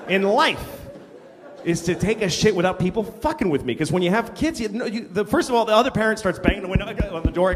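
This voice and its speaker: Male stand-up comic, a bit high, crude candid storytelling, long hall reverb. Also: lively intonation, a little fast, a little hiss or hum. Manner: candid, crude, hesitant restarts then loud punchlines. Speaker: stand-up comedian. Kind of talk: stand-up set.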